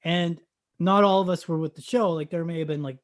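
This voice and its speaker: High-voiced man telling stories. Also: fairly quick. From Canada. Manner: animated, loud acted-out storytelling. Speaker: actor guest. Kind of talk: casual podcast storytelling.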